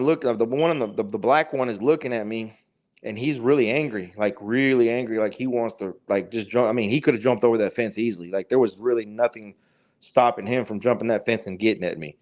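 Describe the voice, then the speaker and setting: A man as a podcast guest telling a long, halting story in casual talk, swearing freely. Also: medium pitch, darkish tone.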